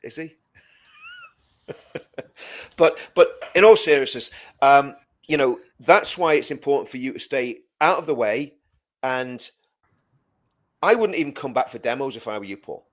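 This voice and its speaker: A man's voice: medium pitch, expressive, a little slow, long pauses. A man co-hosting a live stream, talking emphatically and repeating words as he builds his point. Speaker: co-host. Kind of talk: casual live-stream chat.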